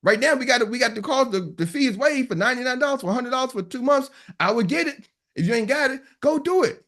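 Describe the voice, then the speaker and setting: A man with a high voice speaks as a business coach to a live audience online. His pitch leaps around animatedly as he preaches, and he drives each point home by repeating it. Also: lively intonation, fast talker, a bit bright. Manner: emphatic, preachy, repeats punchlines.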